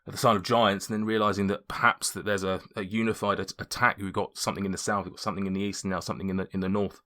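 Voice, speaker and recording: A man narrating as game master of a tabletop game, halting, with many restarts. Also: deep voice, level tone, bright, forceful tone.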